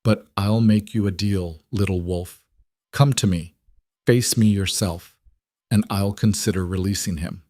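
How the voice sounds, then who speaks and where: A man's voice: fairly low pitch, steady tone, measured pace, a little mellow, no echo, clean studio sound, natural voice. A man voicing a cruel ancient witch woman with a mocking, menacing manner.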